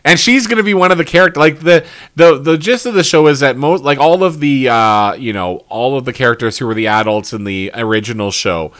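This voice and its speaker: A man's voice: mid-range voice, brisk, few pauses, fairly bright tone. Sarcastic man on a TV review podcast. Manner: sarcastic, swears freely, laughs often. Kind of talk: casual chat.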